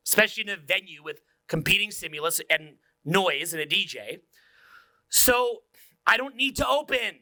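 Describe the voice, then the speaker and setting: A man giving a live seminar talk in a room without speakers, energetic, joking and profane. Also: high-pitched, normal speed. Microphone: unamplified room talk.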